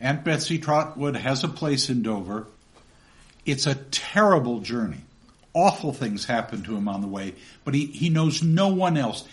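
A man's voice: medium pitch, lively intonation, moderate pace. A man lecturing on a novel and reading passages aloud, with chatty asides that end in "okay?".

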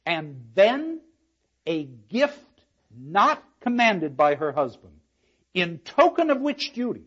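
Husky man lecturing in lo-fi sound. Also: sits high, takes it slowly. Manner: animated, emphatic, playful asides to the class. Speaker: literature lecturer. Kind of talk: lecture with dramatic readings.

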